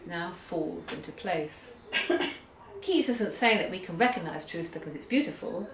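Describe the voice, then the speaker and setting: A woman giving an academic lecture on poetry, measured, reading poems aloud slowly, recorded from a distance in a lecture hall. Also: lowish voice, animated. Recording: echoey hall, far from the mic, audience.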